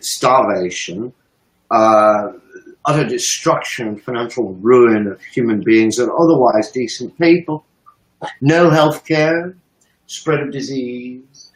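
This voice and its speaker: A man's voice: medium pitch, echoey room, poor audio. A man in a profane, emphatic ranting monologue, swearing heavily to make his point. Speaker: commentator.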